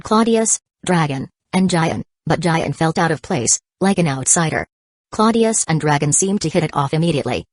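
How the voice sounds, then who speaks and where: A woman narrates an audiobook in a steady, even reading voice. Her pitch sits low for a woman. The sound is dry and close, with no room echo. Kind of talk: scripted narration.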